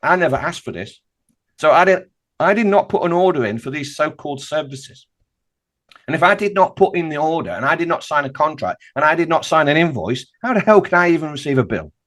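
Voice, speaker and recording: A man speaks as a podcast guest, pressing his points hard and firing off rhetorical questions. His voice sits a little high and swings widely in pitch as he drives each argument home. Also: big pitch swings, brisk, fairly bright tone. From United Kingdom. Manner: emphatic and insistent, preaching with rhetorical questions. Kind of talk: animated podcast conversation.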